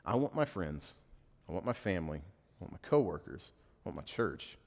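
A man's voice: low-pitched, very animated, moderate pace, vocal fry. A man in his thirties preaching a sermon to a congregation in a casual, conversational way, often acting out what people might say. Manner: conversational preaching, quotes imagined speech. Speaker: pastor. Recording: long hall reverb.

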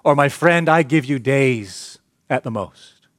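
A man preaching a sermon, telling a story and building to loud, emphatic peaks. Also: medium pitch, lively intonation, slow pace, no echo, studio quality. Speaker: pastor.

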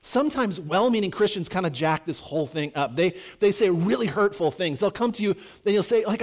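A man's voice: high voice, expressive, fast talker, hardly any pauses. A man preaching a sermon in a conversational, emphatic way, acting out quotes as he goes. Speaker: pastor.

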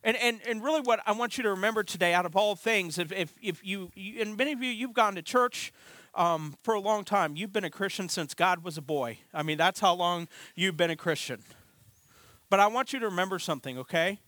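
A man in his thirties preaching a sermon, telling a funny family story with animated, self-deprecating delivery. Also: high-pitched, fairly quick, dry recording. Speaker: pastor.

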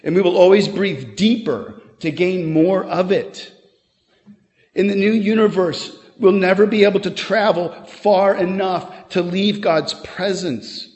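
A pastor delivers his sermon with earnest conviction, building to emphatic peaks before dropping into quick, chatty asides. He is a man with a somewhat raised pitch. His voice rings out through a church sanctuary with a long, lingering reverb. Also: darkish tone.

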